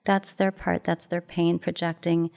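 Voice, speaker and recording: A middle-aged woman, a matchmaker and relationship expert, telling a heartfelt story in a gentle, earnest way and repeating phrases for emphasis. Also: on the low side, flat delivery, unhurried, gravelly, clean tone.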